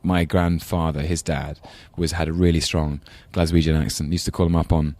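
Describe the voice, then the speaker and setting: A man's voice: rumbling low, level tone, moderate pace, darkish tone, no room sound. A man with a London English accent, a podcast guest talking casually, thoughtful and hesitant with frequent ums and restarts. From England. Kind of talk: casual interview chat.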